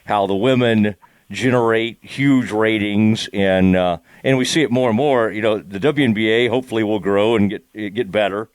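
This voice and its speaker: Male host, low and resonant, easygoing interviewer. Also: moderate pace, dry recording. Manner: easygoing, rambling questions. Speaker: podcast host. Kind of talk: casual chat.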